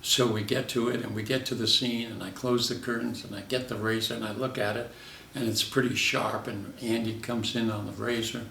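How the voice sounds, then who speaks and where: An older man, a veteran character actor, telling lively anecdotes from his career in an interview and acting out the voices in his stories. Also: on the low side, vocal fry, reverberant, recorded from a distance, slight background noise.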